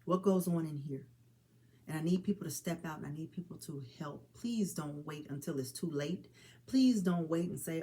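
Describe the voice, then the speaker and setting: A woman in her forties, a mother speaking on suicide awareness, delivers a heartfelt talk straight to camera. Her voice sits low and dark, at a moderate pace, with slight background noise. Earnest and direct, she calls listeners honey and child while pleading for people to help each other.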